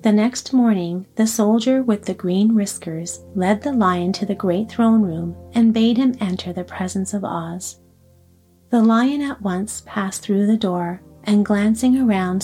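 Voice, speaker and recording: Woman narrator, storybook reading, calm and even, mellow dark tone, faint music underneath. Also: mid-range voice. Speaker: audiobook narrator.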